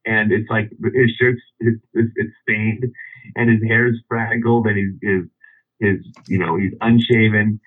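A man's voice: lowish voice, little pitch movement, unhurried. A man casually telling a long anecdote, rambling with many restarts and chuckles. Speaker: storyteller. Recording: phone-like radio line.

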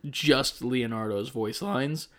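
A man's voice: medium pitch, takes it slowly. A man co-hosting a casual podcast chat, joking and slangy with casual swearing. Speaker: podcast co-host.

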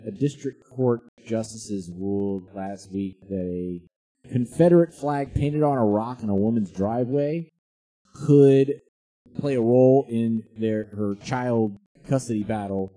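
A man with a mellow, dark voice co-hosting a comedy podcast. He recaps news stories in a rambling, hesitant way, with plenty of fillers. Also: lowish voice, measured pace. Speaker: podcast co-host. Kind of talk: casual comedic chat.

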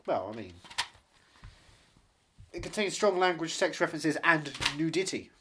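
Deadpan joker, lively pitch. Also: a little hiss or hum. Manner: deadpan, quick jokes. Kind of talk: casual banter.

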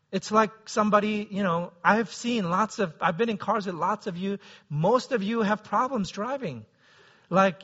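A man's voice: high-pitched, a bit bright, muffled recording. A man preaching a sermon as pastor, talking conversationally and often checking in with the listeners.

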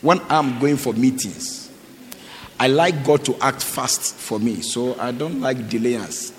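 A man's voice: medium pitch, slow pace. Man, pastor, church sermon, exhorting, repetitive commands, echoey hall. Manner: exhorting, repeats short commands, quizzes the congregation. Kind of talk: sermon calling for offerings. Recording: echoey hall with faint noise.

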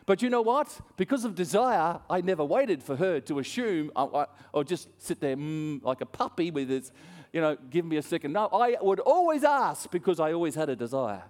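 A man's voice: fairly high pitch, normal speed, few pauses. A man preaching a sermon, telling a story with acted-out voices and frequent laughs. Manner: animated storytelling, acts out voices, laughs often. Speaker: pastor. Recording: long hall reverb.

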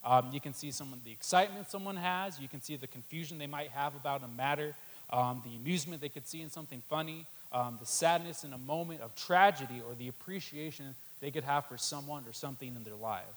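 A man's voice: fairly high pitch, quick pace, a bit bright, low-quality recording. A man giving a sermon in a loose, conversational way, with many "um"s and a habit of saying "right there.". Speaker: preacher.

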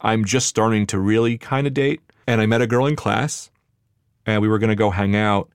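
A young man from New Jersey telling a personal story in a casual, conversational way, getting animated when he relives what he said. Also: lowish voice, moderate pace, clean tone, no echo. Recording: music underneath.

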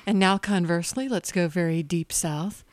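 A woman's voice: on the low side, moderate pace, dry recording. A woman interviewer asking curious questions in a conversation.

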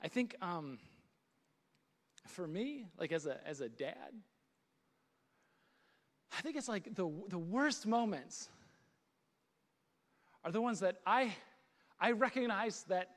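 A man with a high voice preaches a sermon. He tells stories about home life and laughs at himself along the way. His voice rings out with the long echo of a large hall. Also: expressive, takes it slowly, pauses often, fairly bright tone. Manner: storytelling with laughs and self-deprecating asides. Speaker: pastor.

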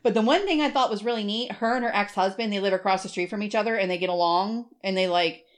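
A middle-aged woman co-hosting a podcast, telling an animated story in casual chat, swearing freely and acting out other people's voices. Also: mid-range voice, fast. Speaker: podcast co-host.

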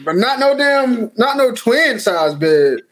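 Man, casual chat, emphatic, repeats himself, high voice, faint hiss. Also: very animated, takes it slowly. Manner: emphatic, repeats his points.

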